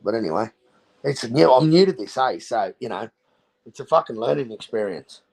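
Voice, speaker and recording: A man's voice: medium pitch, expressive, moderate pace, gravelly, darkish tone, breathy edge. An Australian man hosting his livestream in casual chat, joking loosely and swearing as he goes. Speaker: livestream host.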